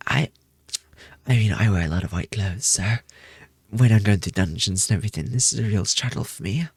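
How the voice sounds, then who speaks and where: Husky playful young male streamer. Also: lowish voice, a little fast, a little mellow, no room sound. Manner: rambling, playful, self-deprecating, repeats phrases. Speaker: VTuber streamer. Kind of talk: casual debut stream chat.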